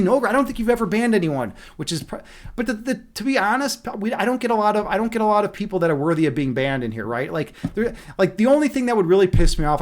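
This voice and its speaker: A young man hosting a livestream, chatting casually and reading the live chat, rambling with many fillers and restarts. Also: sits high. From Chicago, USA. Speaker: livestream host.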